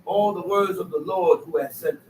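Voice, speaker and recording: A man's voice: high voice, brisk, darkish tone, slight background noise. Man reading scripture in an echoey room. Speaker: scripture reader. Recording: echoey room, mic far off.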